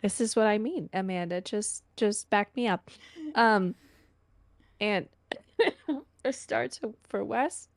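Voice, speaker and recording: A woman's voice: mid-range voice, slow, vocal fry, long pauses, no room sound. A woman giving playful, meandering praise to fellow players after a tabletop session, hesitant and full of fillers. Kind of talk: casual post-session chat.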